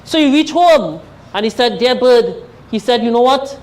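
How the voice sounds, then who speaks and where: A man's voice: very high voice, expressive, moderate pace, darkish tone, poor audio. Trinidadian man preaching a parable. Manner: keeps addressing listeners as "my dear friends", acts out the parable's dialogue. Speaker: funeral speaker. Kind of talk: storytelling sermon at a Hindu funeral.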